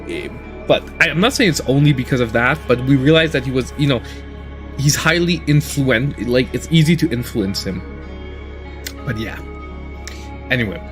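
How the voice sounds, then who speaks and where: A man hosting a gaming livestream who tells stories in a casual, animated way and laughs often while he plays. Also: mid-range voice. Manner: animated storytelling, laughing often, mimicking voices. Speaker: gaming channel host.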